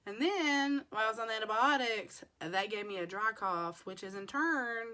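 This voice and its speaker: A woman with a hoarse voice, chatting casually through a makeup haul as a beauty vlogger, rambling with plenty of fillers. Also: a little high, normal speed, sharp tone.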